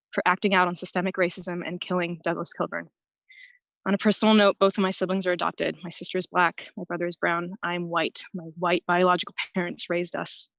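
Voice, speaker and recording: A woman's voice: lowish voice, fairly bright tone, no room sound, rough recording. Woman, public commenter, earnest, slightly breathless, level tone, dry sound. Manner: earnest, prepared statement. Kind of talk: public comment at a council meeting. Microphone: remote call-in.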